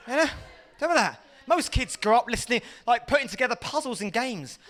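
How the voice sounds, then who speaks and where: A young Englishman doing a stand-up comedy set, excitable, with sudden loud shouty bursts. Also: very high voice, fairly quick.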